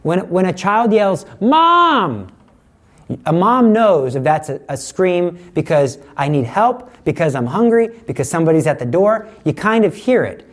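A middle-aged man giving a conversational sermon, teaching with lively examples and acted-out quotes. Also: high voice, normal speed, few pauses. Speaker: preacher.

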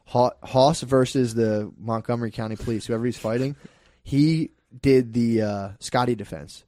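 A man's voice: medium pitch, moderate pace, dry recording, studio quality. Young man telling a story animatedly. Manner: animated storytelling, acts out quotes, laughs often. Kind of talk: casual chat.

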